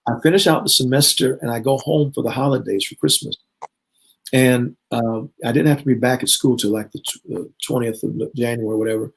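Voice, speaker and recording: A man's voice: medium pitch, brisk, gravelly, poor audio. A man in his fifties, a bishop who is a guest, telling his personal testimony in conversation. He is an earnest storyteller who acts out remembered dialogue.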